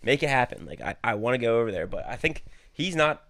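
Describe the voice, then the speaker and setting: A young man with a mid-range, sing-song, slightly bright voice talks fast while co-hosting a podcast. He rambles casually about football, packing in fillers and laughing as he tells stories. The recording is studio quality with no room sound.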